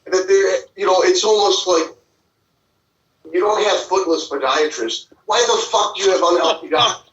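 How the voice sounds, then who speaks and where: A man with a fairly high, bright voice tells stories bluntly and swears freely in casual podcast chat. He sits back from the microphone in an echoey room, and the sound comes through dull and lo-fi. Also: normal speed. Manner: blunt, profane storyteller. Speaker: physician and podcast host. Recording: roomy, distant, dull lo-fi sound.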